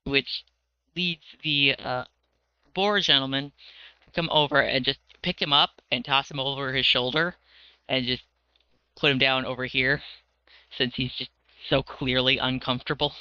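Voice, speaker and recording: A man's voice: mid-range voice, steady tone, unhurried, pauses often, clean tone, no echo. A man narrating a tabletop game as its dungeon master in a loose, playful way with many fillers, on slightly dull lo-fi audio.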